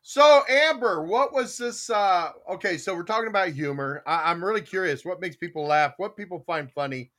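A man's voice: sits high, normal speed, few pauses, a bit bright. A man hosting a podcast in casual chat, rambling with many fillers and restarts as he tells a long joke. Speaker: podcast host.

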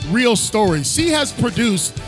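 Animated podcast host man, high voice. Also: a little slow, music in the background. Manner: showman, sing-song, booming announcer build-ups. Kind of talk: hyped podcast introduction and chat.

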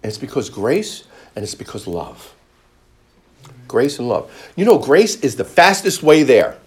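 A man preaching a testimony sermon, joking with the congregation and breaking into loud high quoted voices. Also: big pitch swings, unhurried, slightly rough.

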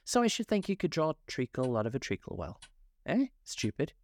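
A man's voice: fairly high pitch, huge pitch swings, fairly quick, voice pushed up. A man voicing a rude, eccentric male hatter who mocks and snaps. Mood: mocking. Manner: snappish, triumphant.

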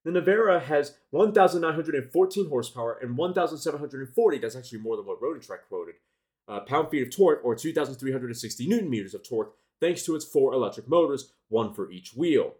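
A man's voice: mid-range voice, animated, fast talker, a little mellow. A man hosting a car news show, reading articles aloud and stumbling into restarts and corrections as he goes. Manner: reads with frequent restarts and self-corrections.

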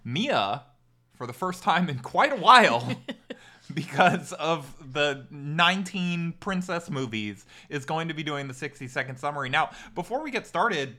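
A man's voice: a little high, very animated, a little slow, bright, forceful tone. A man hosting a podcast, chatting in a playful, teasing way with his co-host. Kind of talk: casual podcast chat.

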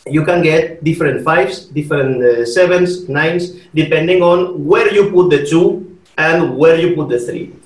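A man's voice: fairly high pitch, unhurried, far from the mic. A man who teaches music, explaining rhythms in a podcast chat with many fillers, counting beats aloud and laughing often. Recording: echoey room, off-mic.

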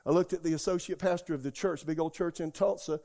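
A man, preaching a sermon as a pastor. He tells stories from his own life and shouts out the lines he quotes. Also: fairly high pitch, fairly even intonation, quick pace. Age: 60s. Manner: storytelling, rising to shouts when quoting God.

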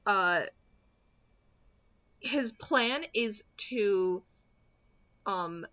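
A woman's voice: mid-range voice, lively intonation, very slow, bright, forceful tone. A young woman in casual chat, rambling and giggling as she recaps a movie and acts out the characters' lines. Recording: dull lo-fi sound.

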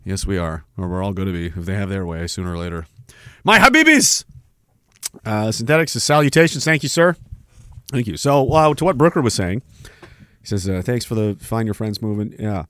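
A man's voice: on the low side, a little fast, smooth, no room sound. A man hosting a livestream at home, chatting loosely, swearing often and breaking off mid-sentence as he reads the chat. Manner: rambling, swearing, self-interrupting. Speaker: livestream host reading chat. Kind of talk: casual rambling livestream talk.

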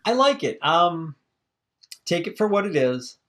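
A man co-hosting a casual film podcast, animated and quick to laugh, often acting out what others said. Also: high voice. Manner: animated, laughs and acts out quoted voices. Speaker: podcast co-host reviewing films. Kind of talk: casual chat.

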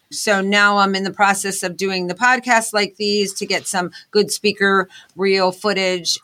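A woman's voice: medium pitch, pushed and bright. A woman guest in an interview, talking earnestly about her path as an inventor and motivational speaker. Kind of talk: candid interview talk.

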